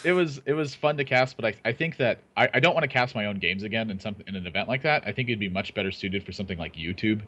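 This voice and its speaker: A man's voice: lowish voice, lively intonation, quick pace, few pauses, pushed and bright. A man talking casually on a gaming panel, easygoing and self-deprecating. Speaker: Hearthstone caster and panel host.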